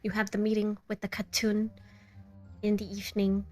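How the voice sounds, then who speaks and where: A chatty woman running a tabletop game, closing out a livestream with a bubbly, giggly manner. Her voice sits at an ordinary middle pitch, and faint music plays underneath. She sounds like she is talking from a home desk microphone. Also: completely flat delivery, normal speed, warm tone. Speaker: game master. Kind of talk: casual chat wrapping up a live tabletop stream.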